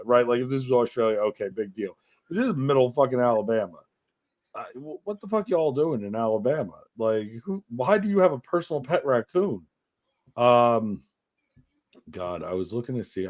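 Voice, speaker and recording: A man co-hosting a podcast, reading odd news stories aloud in a profane, animated way. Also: mid-range voice, normal speed. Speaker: podcast co-host.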